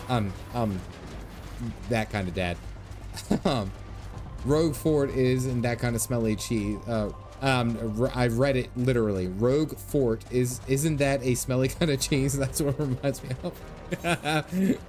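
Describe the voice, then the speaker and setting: A man in his thirties giving casual gameplay commentary, quick to laugh and full of dad jokes. His voice sits at a middling pitch, and faint game music plays behind him. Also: a little mellow. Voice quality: laughs often, jokey dad humor, reads game lines aloud. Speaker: streamer.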